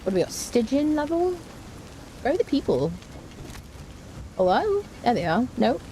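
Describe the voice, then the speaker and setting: Slight background noise accompanies this casual gameplay commentary: a woman streaming a survival game talks to viewers, hums little melodies while playing and readily jumps up high in pitch when excited.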